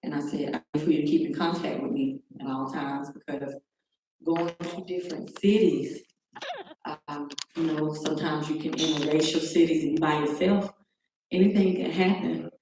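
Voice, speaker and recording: A middle-aged woman with a low, mellow voice tells a personal story as a talk show guest. She acts out each phone call she recounts. She sounds distant from the mic in a very echoey room, with faint noise behind her. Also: steady tone, normal speed. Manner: recounts events by acting out quoted phone calls.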